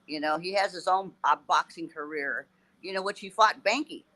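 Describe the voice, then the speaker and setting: A woman guest in a casual podcast chat, talking haltingly and filling every pause with "you know", heard over a video call. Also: lowish voice, pushed and bright, rough recording.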